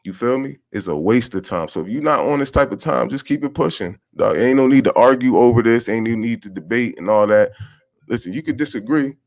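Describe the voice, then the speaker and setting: A man's voice: medium pitch, lively intonation, a little fast. A young man, hosting a casual live-stream talk in a blunt, impassioned, slangy way. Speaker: host.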